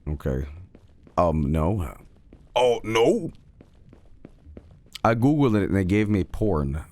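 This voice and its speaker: A man with a fairly low voice chats casually to his viewers while he plays a game. His pitch swings widely as he rambles, swears freely and keeps breaking into laughter. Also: expressive, measured pace, a little mellow. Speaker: streamer. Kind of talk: casual livestream chat while gaming.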